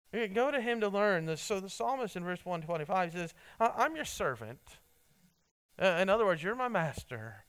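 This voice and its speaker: A man preaching an earnest sermon, halting often with restarts and fillers as he reads and explains scripture. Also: a little high, a bit bright, clear, resonant tone. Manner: reads scripture and quotes aloud. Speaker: pastor.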